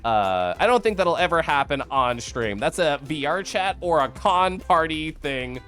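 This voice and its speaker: Hoarse Midwestern man streaming. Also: on the high side, animated, measured pace, a bit bright, faint music behind. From American Midwest. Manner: loose, profane and chatty with frequent laughs. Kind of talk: casual livestream chat.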